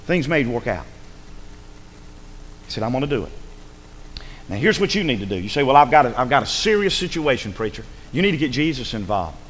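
A man's voice: a little high, sharp tone, long reverb tail. A male pastor preaching a sermon in a church, urgent and rhetorical, pressing his listeners with repeated questions. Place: church sanctuary.

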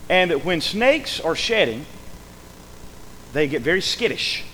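A male pastor preaches in a folksy, animated way, his fairly high voice ringing through a church with a long reverb. Faint noise sits under the recording. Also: unhurried. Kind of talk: sermon. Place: church sanctuary.

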